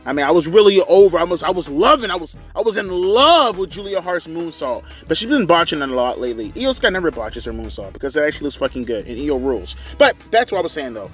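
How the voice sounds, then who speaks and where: Young man, high lively voice, profane and rambling, reacting to a wrestling show, faint music under. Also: fast talker, few pauses. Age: young adult. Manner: excitable, profane, rambling with slang. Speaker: wrestling commentator. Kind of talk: casual watch-along commentary.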